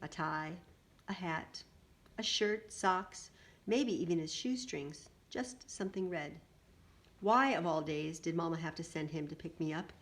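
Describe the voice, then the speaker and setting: Woman reading a storybook aloud, animated. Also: lowish voice, unhurried. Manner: animated, with little asides to listeners. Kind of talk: expressive picture-book reading.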